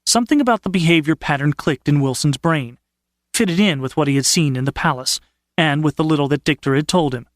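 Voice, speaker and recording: A man narrating an audiobook in a measured, steady storytelling manner. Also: fairly high pitch, no room sound, clean studio sound. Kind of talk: scripted narration.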